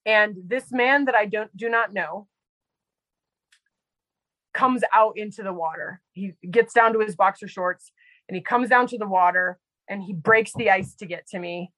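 A woman on a podcast tells a story in a loose, chatty way, leaning on "like" and small fillers as she goes. Her voice sits at a middle pitch. The sound is dry and close, with no room echo. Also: a little slow, pushed and bright. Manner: chatty, heavy use of "like" and fillers. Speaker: podcast guest; medical provider. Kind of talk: casual storytelling.

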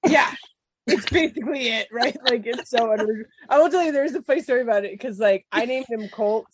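A woman, a podcast guest, telling a story in casual chat. She is animated, swears freely and laughs often. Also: a little high, brisk, noisy background.

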